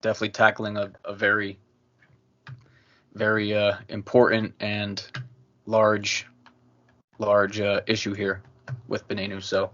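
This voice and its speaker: A man's voice: lowish voice, monotone, measured pace, pauses often, a bit bright, lo-fi sound. A man hosting a conversational interview, speaking hesitantly with many fillers and affirmations. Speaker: interview host.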